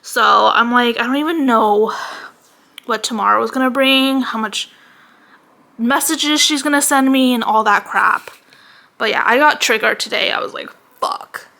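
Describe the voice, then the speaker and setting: A young adult woman venting in a casual vlog, animated and sweary, peppering her talk with "like", a little out of breath. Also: fairly high pitch, moderate pace. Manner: animated, heavy use of "like", swearing. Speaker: vlogger.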